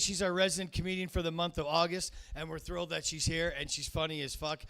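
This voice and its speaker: A man's voice: high-pitched, quick pace, sharp tone. A man in his thirties hosting a comedy show, telling a rambling, profane story with lots of fillers into a stage mic. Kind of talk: stand-up emcee banter.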